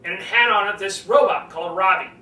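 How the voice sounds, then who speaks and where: Older man, public speaking coach, animated, bright voice, roomy distant sound with faint hiss. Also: fairly quick. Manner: animated, demonstrates pitch swings, acts out conversations. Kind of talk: speaking lesson to camera.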